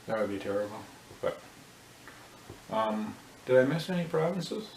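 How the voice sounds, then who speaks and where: A man with a fairly low voice rambles through a joking monologue, correcting himself and poking fun at his own slips. The room rings with echo, and a faint noise sits underneath. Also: sing-song, normal speed, gravelly, a little mellow, recorded from a distance. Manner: rambling, self-mocking, thinks aloud. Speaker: vlogger.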